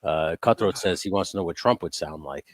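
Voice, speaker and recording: A man's voice: sits low, fairly quick, no room sound. A man hosting a live stream in casual chat, joking and laughing often. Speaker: host.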